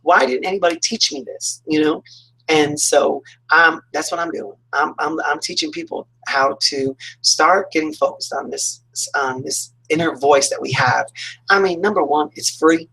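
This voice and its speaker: A man's voice: on the high side, very animated, a little slow, vocal fry, sharp tone, slightly rough, low-quality recording. A man, a talk radio host, giving a chatty motivational self-help talk with lots of fillers and acted-out reactions. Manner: chatty, acts out quoted reactions, many fillers.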